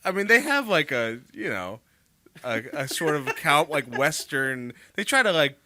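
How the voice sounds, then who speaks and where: A man's voice: fairly high pitch, big pitch swings, moderate pace, sharp tone, no echo. A man co-hosting a casual music podcast, laughing often and trailing off with fillers. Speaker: podcast co-host.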